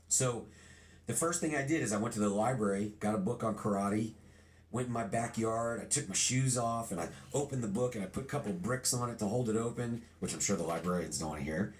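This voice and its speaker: A man's voice: lowish voice, fairly quick, slight background noise. Middle-aged man telling a story. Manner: animated storyteller, acts out quotes. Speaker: guest. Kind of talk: storytelling interview.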